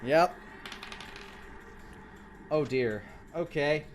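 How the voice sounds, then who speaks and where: A man's voice: a little high, extremely slow, a little hiss or hum. A man narrating as game master of a tabletop game, switching between vivid descriptions and casual rules talk.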